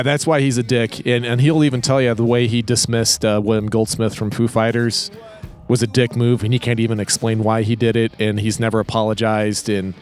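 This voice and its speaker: A man gives blunt, opinionated takes during a casual music podcast. His voice is ordinary in pitch, with faint music underneath.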